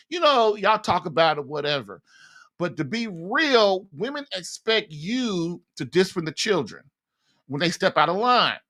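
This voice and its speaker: A man's voice: high voice, big pitch swings, moderate pace, sharp tone. A man hosting a podcast, giving blunt, folksy marriage advice. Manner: blunt, folksy, laughs at his own points. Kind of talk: casual advice monologue.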